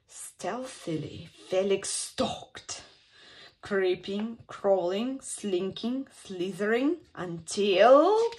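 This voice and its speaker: A woman reading a children's picture book aloud at storytime, with an expressive, sing-song delivery and dramatic pauses. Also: mid-range voice.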